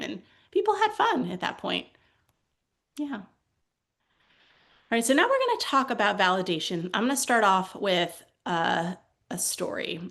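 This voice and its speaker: A woman's voice: medium pitch, creaky. A young woman leading a parenting workshop, teaching in a conversational way and acting out quoted lines as she tells stories. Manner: animated storytelling, acts out quoted lines.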